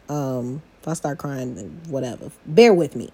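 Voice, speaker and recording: A woman's voice: extremely low pitch, lively intonation, moderate pace, warm tone, husky. A young adult woman hosting a personal podcast, chatty and confiding as she talks straight to her listeners. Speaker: podcast host. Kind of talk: casual personal podcast talk.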